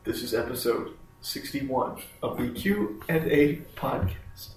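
A man hosting a casual sports podcast, talking in a slow, monotone way. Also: medium pitch, slight background noise. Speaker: podcast host. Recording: roomy echo, mic at a distance.

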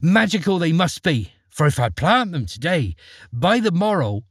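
A man voicing a polite, quick-witted young boy who speaks brightly and eagerly in a storybook reading. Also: on the high side, very animated, dry recording, clean studio sound, voice pushed up.

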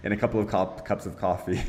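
Deep-voiced man in his twenties. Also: slight background noise. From Brazil. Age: 20s. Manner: relaxed, peppered with "you know" and "like". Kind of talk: casual chat.

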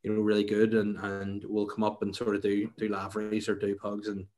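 Rambling Northern Irish man, low voice. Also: monotone, brisk, darkish tone. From Northern Ireland. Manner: rambling, many restarts and "you know"s. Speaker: stand-up comedian, guest. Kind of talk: casual interview chat.

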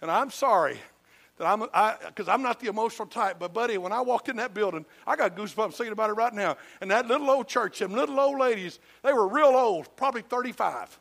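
Speaking fast and expressively, an older Southern-accented pastor from Georgia delivers a humorous sermon through folksy, emphatic storytelling. His high voice is creaky and a bit bright.

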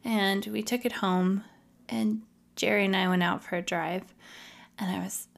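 A woman's voice: medium pitch, fairly even intonation, a little slow, creaky. A woman hosting a podcast, telling her own story in a candid, emotional, confessional way. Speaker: podcast host.

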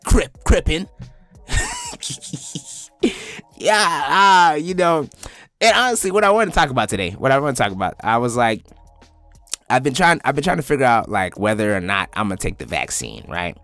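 A man in his twenties doing a profane comedic monologue as a podcast host, swinging up into high-pitched impressions. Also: animated, fairly quick, fairly bright tone, dry recording, faint music behind. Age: 20s.

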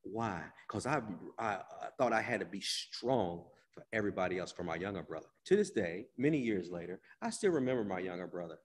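Male preacher mid-sermon; soft drawn-out lines that flare into loud emphatic bursts, names people in the pews, long hall reverb. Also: lowish voice. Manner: drawn-out, repeated phrases, addresses listeners by name.

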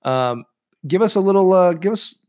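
A man co-hosting a casual podcast, his voice a touch high for a man. He rambles, restarts sentences and keeps things jokey. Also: animated, normal speed, darkish tone. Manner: rambling, self-interrupting, jokey. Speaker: podcast co-host. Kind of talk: casual chat.

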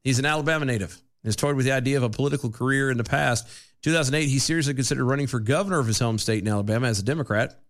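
A man co-hosting a casual chat show, reading news items aloud with halting restarts and laughs between lines. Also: mid-range voice. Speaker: podcast co-host.

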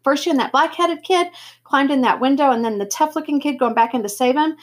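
A kindly grown man speaks in a gentle, reassuring way, as a woman reading aloud puts him on. He sounds steady and patient, stumbling over a word now and then. The read-aloud has an easy storybook quality. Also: sits high, fairly quick, voice pushed up, lightly acted. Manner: gentle, reassuring, occasional slips.

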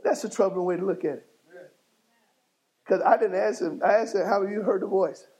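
A man preaching a sermon as bishop in a church, working the congregation and rising to shouts. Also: sits high, brisk, rough recording. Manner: fiery call-and-response preaching, rising to shouts. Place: church sanctuary.

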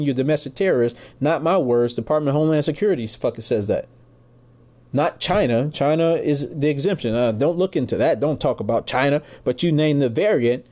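A middle-aged American podcast host rants angrily about politics, emphatic and heavy on profanity. His voice is a little high and mellow.

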